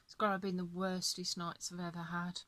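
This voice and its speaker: A woman's voice: lowish voice, monotone, a little fast, fairly bright tone. A tired woman chatting casually about her coloring pages, yawning and apologetic. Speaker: coloring channel host. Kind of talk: casual show-and-tell chat.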